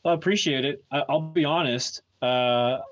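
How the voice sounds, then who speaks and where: A man's voice: mid-range voice, moderate pace. A man chatting casually with viewers on a live stream at home, talking hesitantly with many restarts and fillers.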